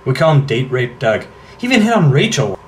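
An awkward, moody teenage boy in an audio drama, voiced by a man, glum and self-conscious. His voice sits at a plain middle pitch for a man. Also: sing-song, fairly quick, a little hiss or hum, close to an everyday voice.

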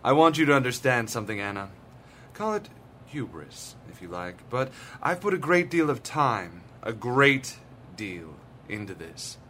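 A man's voice: mid-range voice, sing-song, unhurried, fairly bright tone, a little hiss or hum. An actor playing a smug male demon lord who speaks in a silky, patronizing way. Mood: gloating.

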